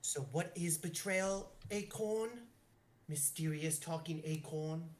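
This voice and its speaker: A man's voice: on the high side, slow. A man playing a tabletop game, chatting in a laid-back way. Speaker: player. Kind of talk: tabletop role-play chat.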